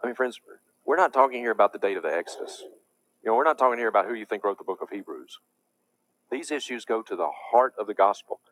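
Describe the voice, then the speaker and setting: Male preacher, low voice, dry close sound, emphatic and indignant delivery. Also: lively intonation, fast talker, fairly bright tone, no room sound. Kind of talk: preaching lecture.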